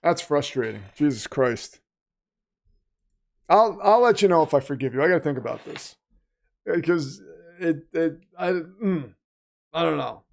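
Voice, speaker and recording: A man hosts a live-stream watch party and reacts to the chat in a chatty, sarcastic way. His voice sits a little high for a man. He jokingly plays the villain. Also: animated, a little slow, vocal fry, long pauses. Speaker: watch party livestream host reading chat.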